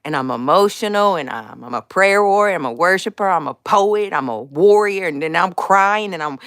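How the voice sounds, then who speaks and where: A woman hosting her own live stream, talking casually about faith in a slangy, animated way and laughing often. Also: fairly low pitch, normal speed, hardly any pauses, no room sound, studio quality.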